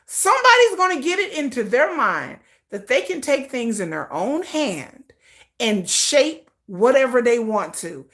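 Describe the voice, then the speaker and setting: A woman's voice: on the high side, a bit bright. A woman hosting a casual livestream, ranting with profanity and acting out dramatic quoted voices. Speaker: livestream host.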